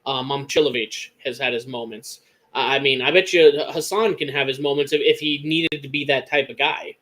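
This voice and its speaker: A young man with an American Midwest accent co-hosting a casual sports podcast, talking excitedly and rambling with lots of restarts. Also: mid-range voice, normal speed. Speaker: podcast co-host.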